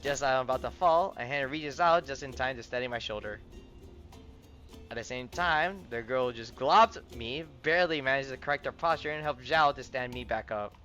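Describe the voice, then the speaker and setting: A man's voice: medium pitch, normal speed, sharp tone, muffled recording, soft background music. A man casually reading a game's story text aloud, often stumbling over words and starting lines again.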